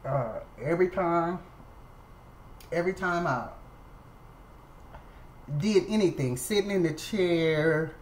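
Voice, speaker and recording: Woman vlogger, unhurried storytime, lowish voice, faint room hum. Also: low-quality recording. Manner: chatty, repeats herself, addresses viewers as y'all. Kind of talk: casual storytime.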